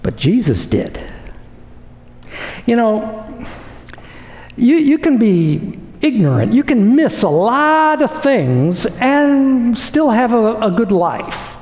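A man's voice: very high voice, very animated, takes it slowly, a little mellow. A man preaching a sermon, emphatic and repeating phrases for effect. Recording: echoey hall with long reverb.

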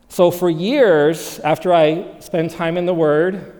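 Male preacher, upper-register voice, animated sermon delivery that drops to quiet intimacy, recorded in a hall with a long echo tail. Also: a little high, slow. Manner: animated, swings from loud emphasis to hushed softness. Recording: long reverb of a large hall.

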